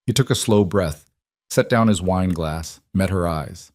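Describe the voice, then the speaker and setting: Male storyteller: low pitch, steady and measured, dry close recording. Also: no echo. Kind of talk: scripted narration.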